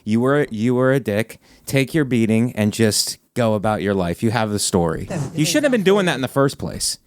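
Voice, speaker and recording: A man hosting a podcast in casual chat, talking emphatically and getting animated when he argues a point. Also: mid-range voice, normal speed, no room sound, studio quality. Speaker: podcast host.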